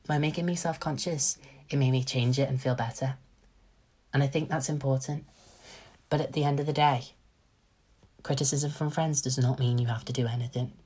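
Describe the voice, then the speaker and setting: A man's voice: a little high, fairly even intonation, moderate pace, a little mellow, slightly rough. A young man hosting a casual solo podcast, talking animatedly, swearing freely and acting out what his friends would say. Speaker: podcast host.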